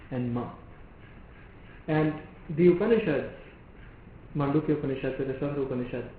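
A man giving a devotional lecture in a measured, explanatory way, often asking rhetorical questions. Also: medium pitch, a little hiss or hum. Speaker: preacher. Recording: echoey hall on a phone-like line.

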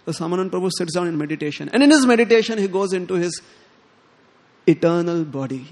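A man giving a sermon, telling a devotional story in an animated way and acting out the characters' lines. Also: sits high, fast. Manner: animated, quotes characters in lively tones, chuckles often. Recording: long hall reverb.

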